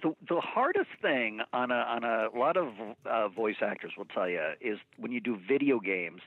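A man, a voice actor, chatting as an interview guest, animated and quick to slip into impressions, heard over a phone call. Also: medium pitch, no room sound. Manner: animated storyteller, slips into impressions. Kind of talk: casual interview chat. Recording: thin phone-line sound.

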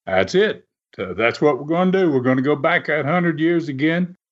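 With a slightly high voice and lively intonation, a man hosts a podcast and tells a casual story at a moderate, easy pace. It's a rambling account peppered with "uh" fillers, recorded in dull lo-fi sound.

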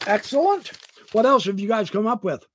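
A man's voice: sits high, fast talker, a bit bright, a little hiss or hum. Man eating while hosting his show. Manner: jokey, self-mocking, talks with his mouth full. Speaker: podcast host. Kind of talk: live show, reading viewer topic requests.

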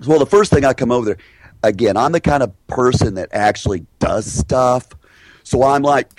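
A middle-aged man, a hypnosis trainer and guest, telling stories in an animated way and acting out the voices of the people in them. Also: medium pitch, fairly quick, no room sound. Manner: lively, acts out the voices of people in his stories. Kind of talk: animated storytelling in a podcast interview.

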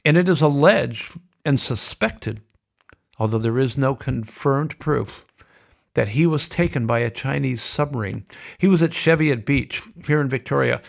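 A man's voice: medium pitch, gravelly. A middle-aged man hosting a podcast, delivering a blunt, sardonic, ranting monologue. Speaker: podcast host.

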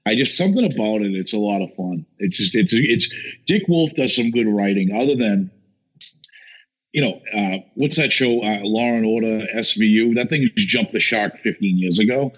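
Husky guy yakking away, animated storyteller, does the voices, cusses a lot. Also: on the low side, moderate pace. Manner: animated storyteller, acts out quotes, swears. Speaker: guest, chef. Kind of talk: casual chat.

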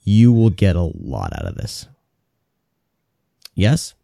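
A man's voice: deep voice, huge pitch swings, slow, creaky, warm tone, no room sound. A man co-hosting a horror film podcast in loose, joking casual chat with frequent fillers, on a close podcast mic. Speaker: podcast co-host.

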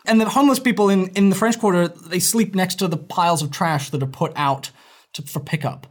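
Animated man with hybrid British accent. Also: high voice, brisk. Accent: British-American hybrid. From England. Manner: animated, argumentative, laughs often. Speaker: author guest. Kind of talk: casual interview chat.

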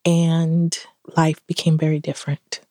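A middle-aged woman with a low voice speaks at a measured pace, recorded in clean studio sound with no echo. As a podcast guest in an interview, she tells a personal story animatedly and acts out the quoted dialogue.

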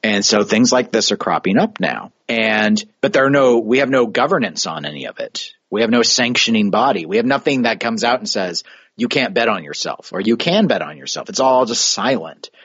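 A man hosting a podcast, talking in a thoughtful, measured, cautionary way. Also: lowish voice, expressive, a bit bright, slightly rough, dry recording. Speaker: podcast host. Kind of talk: casual podcast chat. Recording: slightly dull lo-fi audio.

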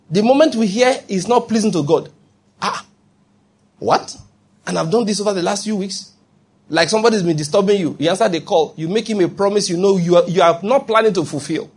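A man's voice: sits high, slightly rough. A man preaching a sermon in a conversational way, acting out quoted voices and often checking that listeners follow. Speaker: pastor.

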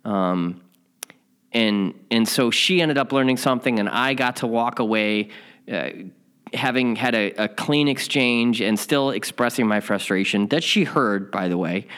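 A man's voice: medium pitch, measured pace, fairly bright tone. A man teaching a spiritual lesson, telling a candid story in a rambling, self-mocking way before reading the day's lesson.

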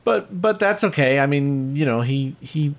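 A man's voice: a little high, expressive, unhurried. A man co-hosting a casual podcast chat about an old film, laughing often and restarting his sentences. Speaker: podcast co-host reviewing a film.

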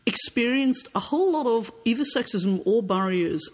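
A woman's voice: fairly high pitch, animated, normal speed. A woman author who reads aloud from her own novel and then answers questions thoughtfully, often repeating words as she starts a sentence. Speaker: author being interviewed.

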